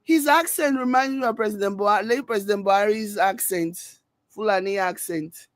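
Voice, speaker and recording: A Nigerian woman delivers opinionated reaction commentary at a mid pitch, scolding and emphatic, dropping pidgin into her sentences. The sound is dry and close, with no room around her voice. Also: brisk, dry recording. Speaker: reaction video host.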